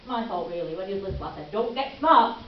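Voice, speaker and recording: A woman's voice: mid-range voice, lively intonation, fast, a little hiss or hum. Woman doing stand-up. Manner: chatty, teasing the audience. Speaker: stand-up comedian. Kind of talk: stand-up comedy routine. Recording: lo-fi camcorder from a distance in an echoey hall.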